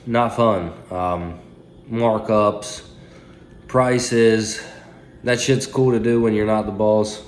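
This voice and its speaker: A man's voice: lowish voice, fairly even intonation, takes it slowly, roomy sound, a little hiss or hum. Profane, rambling man in his late twenties. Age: late 20s. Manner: profane, loose, trash-talking. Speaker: fantasy football league commentator. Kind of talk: casual rambling recap. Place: indoors, phone propped on paper towels. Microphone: phone.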